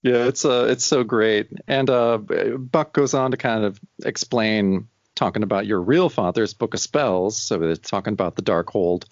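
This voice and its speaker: A man's voice: on the low side, moderate pace, few pauses, no room sound, lo-fi sound. A man co-hosting a casual comic book podcast, rambling and acting out lines of dialogue. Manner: rambling, acts out dialogue in silly voices. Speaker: podcast co-host.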